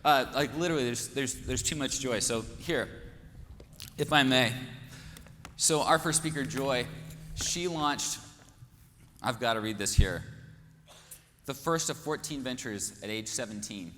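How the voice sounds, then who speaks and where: On stage in a large hall, a Kansas man hosting a conference gives a stirring, earnest speech full of rhetorical questions. His mid-range voice is bright and forceful, a little slow, with long pauses, and the mic picks up echo and faint noise.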